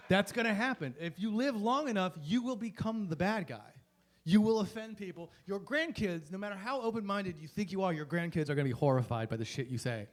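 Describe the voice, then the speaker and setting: High-voiced male comic, rambling and profane, constantly breaking off mid-thought. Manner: rambling, profane, self-interrupting. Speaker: stand-up comedian. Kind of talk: stand-up comedy set. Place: comedy club stage.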